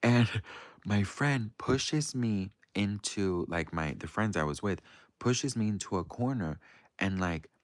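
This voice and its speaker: A young man from the United States with a very low voice, talking casually to his live chat and rambling through a story full of "like" and "um". The sound is close and dry, with no room around it. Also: expressive, slow pace, no echo. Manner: rambling, heavy on fillers. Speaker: livestream host.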